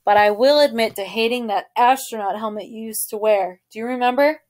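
Woman reading a gentle, joking father, affectionate, soft-spoken, storybook voice. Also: a little high, a little fast, close to an everyday voice. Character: warm, joking father of a young boy.

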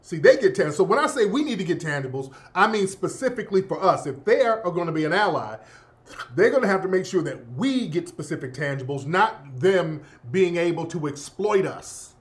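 A man commentating in a casual, profane, animated rant that often breaks into laughter. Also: high voice, normal speed. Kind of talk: casual monologue.

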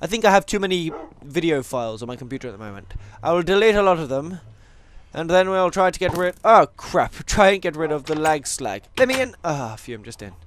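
Lively, rambling gamer man. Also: fairly high pitch, brisk, slight background noise. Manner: rambling, jokey, goes off on tangents; talks to viewers and animals in game. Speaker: gaming channel host. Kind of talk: Minecraft let's play commentary.

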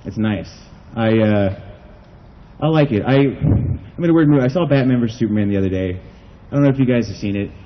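A man's voice: on the low side, brisk, muffled recording. A man from the United States doing a stand-up comedy set at an outdoor backyard show, rambling and self-deprecating, saying "like" a lot.

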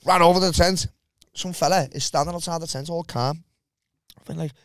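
A man's voice: fairly high pitch, fast talker, fairly bright tone, clear, resonant tone, dry recording. A man telling a rowdy story in casual podcast chat, swearing freely. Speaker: podcast co-host.

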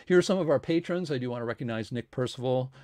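A man's voice: medium pitch, fast talker, a little mellow, dry recording, clean studio sound. A man hosting a science talk series, making casual, rambling announcements with many fillers and restarts and earnest appeals for support.

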